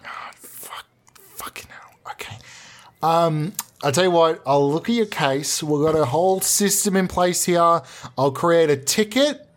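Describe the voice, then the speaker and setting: A man improvising a comedy sketch, talking in a blustering, sweary, mock-calm way. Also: a little high, a little slow. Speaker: comedy podcast host.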